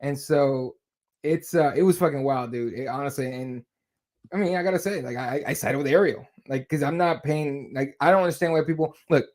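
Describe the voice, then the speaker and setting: A man's voice: mid-range voice, brisk, darkish tone. A man co-hosting a podcast, talking in a rambling way full of restarts and casual swearing. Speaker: podcast co-host and writer. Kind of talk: casual chat.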